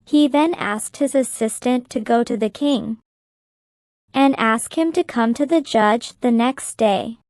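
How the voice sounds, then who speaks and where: Slow, clear woman reading a story. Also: a little high, darkish tone, dry recording, clean studio sound. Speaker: narrator. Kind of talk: slow graded-reader story narration.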